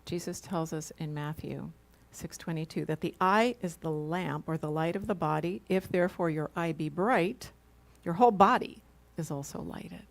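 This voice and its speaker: A woman's voice: low voice, moderate pace, vocal fry. A woman minister giving a reflective sermon, asking rhetorical questions and tagging them with "right?".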